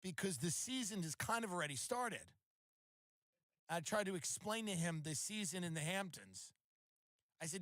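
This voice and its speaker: A man's voice: high-pitched, animated, normal speed, pauses often, a bit bright, no room sound. A man hosting a podcast, telling comedic stories in a sardonic, mock-outraged monologue. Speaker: podcast host.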